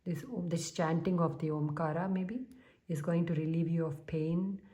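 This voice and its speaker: A woman speaks in a low, mellow voice as she gives a spiritual tarot reading to her viewers. She talks calmly and unhurriedly, often pausing with a soft hum. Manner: calm, unhurried, with soft humming pauses. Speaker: tarot reader.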